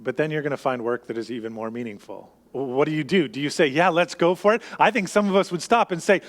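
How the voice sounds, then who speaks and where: High-voiced pastor preaching in reverberant church. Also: male voice, fast talker, few pauses. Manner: conversational preaching with restarts, acting out quoted voices. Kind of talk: sermon. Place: church sanctuary.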